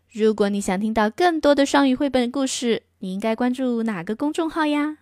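A woman reading a picture book aloud in two languages as a storyteller, clear, gentle and expressive. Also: fairly high pitch, brisk, few pauses, no echo, clean studio sound.

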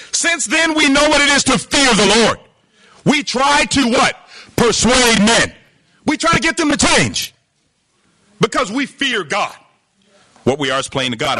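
A man preaching a sermon, emphatic and animated, reading scripture and breaking into exclamations. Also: sits high.

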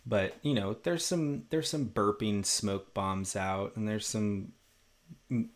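A man on a film podcast, laying out his points in a measured, analytical way. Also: low-pitched. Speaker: podcast co-host. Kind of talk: casual film discussion.

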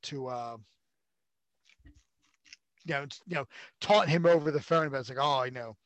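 A man's voice: a little high, moderate pace, dry recording. A man co-hosting a casual movie podcast, rambling and sarcastic, swearing freely. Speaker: podcast co-host.

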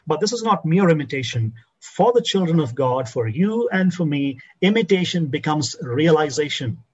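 A man preaching a sermon as a pastor, slowing and dropping his voice low to stress key phrases. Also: slightly rough, lo-fi sound.

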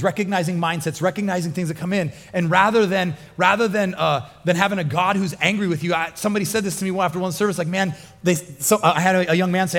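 A pastor preaching a sermon in an earnest, conversational way, building to emphatic peaks. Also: male voice, fairly high pitch, a bit bright. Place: large church hall. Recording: long church hall reverb with music behind.

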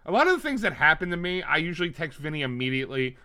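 A man's voice: a little high, racing, clean tone. A man co-hosting a podcast, telling stories in a casual comedic chat and swearing freely. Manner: animated storyteller, mimics people loudly. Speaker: podcast co-host.

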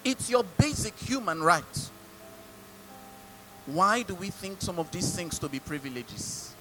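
A man's voice: sits high, big pitch swings, a little slow, bright, forceful tone, a little hiss or hum, low-quality recording. A male pastor with a Nigerian English accent preaching a sermon, mimicking people and asking the congregation rhetorical questions.

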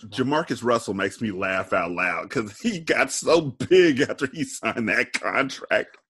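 A man's voice: mid-range voice, lively intonation, measured pace, a bit bright, slightly rough. A man co-hosting a podcast, giggling and joking animatedly in casual chat. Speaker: podcast co-host.

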